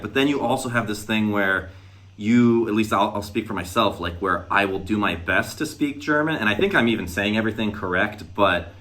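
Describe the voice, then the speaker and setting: A man hosting a casual podcast chat, telling stories in an animated way. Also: lowish voice. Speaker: podcast host.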